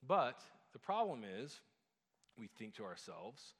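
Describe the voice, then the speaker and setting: A man's voice: mid-range voice, very animated, takes it slowly, fairly bright tone, slightly rough. A male pastor preaching a sermon in a conversational, emphatic way, with frequent "like" and restarts. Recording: long hall reverb.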